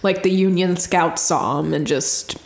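A woman's voice: on the low side, steady tone, unhurried, creaky, echoey room. A woman co-hosting a podcast, telling a story in casual chat, chatty and giggly with lots of fillers. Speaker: podcast co-host.

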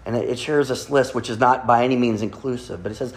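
A man's voice: mid-range voice, fast talker, few pauses. Conversational male preacher giving a sermon. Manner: conversational, asks the congregation rhetorical questions.

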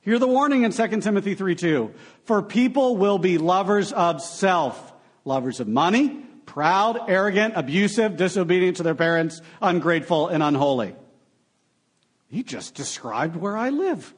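A young man preaching a sermon with an animated, swinging delivery that rises and falls. His voice sits a little high for a man, and he slips in sarcastic asides. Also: normal speed, breathy edge. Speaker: pastor.

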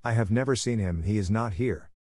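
The queen of Night in a fairy tale, stately, nervous and haughty, with dry, clipped replies, as a man reads her. The voice is low and sits close to the mic. The recording is dry, with no room sound. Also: fairly quick, dark tone, no echo, natural voice. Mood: dismissive.

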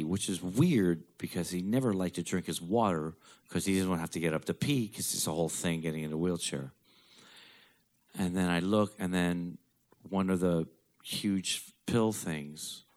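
Deep-voiced man telling a blunt story. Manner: blunt, profane, darkly joking. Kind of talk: personal storytelling.

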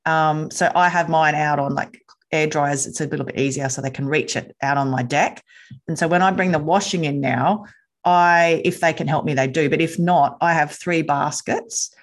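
A woman podcast host in easy interview chat. She talks in a chatty, animated way, sometimes jumping into playful voices. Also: deep voice, moderate pace.

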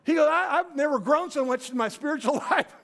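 A male pastor preaching a sermon in a storytelling way, acting out quoted voices and dropping to a quiet, low voice for emphasis. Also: fairly quick.

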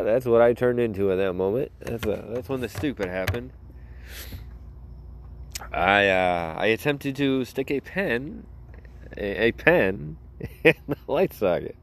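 A man hosting a podcast, telling a rambling story in a casual way and breaking into laughter often. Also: on the low side. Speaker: podcast host.

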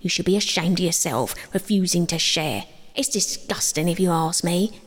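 A woman voicing a loud, brash female meadow creature who gossips and scolds indignantly. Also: on the low side, moderate pace, natural voice.

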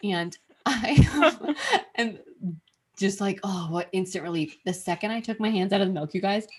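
A woman hosting a podcast, telling a story in casual chat, animated, swearing freely and acting out what she said. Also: mid-range voice, unhurried, slightly rough. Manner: animated, swears freely, acts out her own past remarks. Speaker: podcast host.

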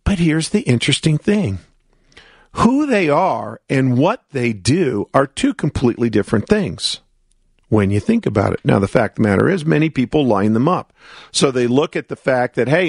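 Man, gravelly voice, motivational radio host, emphatic, rhetorical questions, dry close mic. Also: medium pitch, no echo. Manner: emphatic, rhetorical questions, acts out clients' doubts. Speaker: radio show host and life coach.

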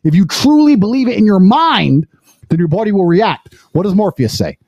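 A man in his thirties hosting a live stream, talking in a boastful, insistent way that builds to loud emphasis. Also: high-pitched, animated, moderate pace, no echo, highs cut off. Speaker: livestream host.

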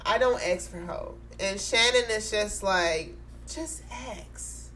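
A woman's voice: mid-range voice, unhurried, a bit bright. A woman in her twenties interviewing her co-host in a chatty, supportive way, with lots of fillers. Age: 20s. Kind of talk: casual chat.

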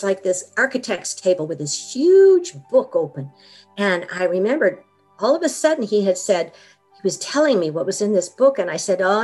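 A woman's voice: medium pitch, breathy edge. A middle-aged woman telling her own story as an interview guest, with earnest, vivid storytelling.

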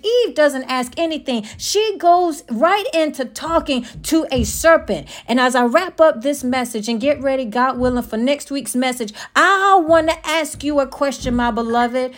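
A woman with a notably high voice preaches her podcast sermon with emphatic, preacherly conviction. She addresses her listeners warmly as beloved and presses her points home. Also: a little slow, few pauses.

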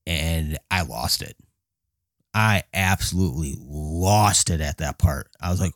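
A man casually retelling a movie night, swearing freely and laughing often, jumping into high excited voices when reenacting his reactions. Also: a little slow, no room sound, studio quality. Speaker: movie fan recounting a film. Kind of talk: casual personal storytelling.

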